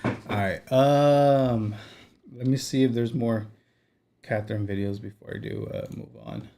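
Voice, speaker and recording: A man's voice: medium pitch, steady tone, unhurried, warm tone. A man hosting a live stream, chatting loosely with his viewers and laughing off clips as he reacts. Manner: laid-back, chuckling asides to chat. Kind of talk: casual live-stream chat.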